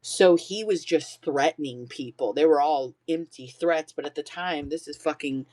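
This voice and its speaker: Speaking at a moderate pace in a deep, darkish voice, a woman in her forties tells her personal story on a podcast. She holds nothing back, swearing liberally and laughing through the hurt.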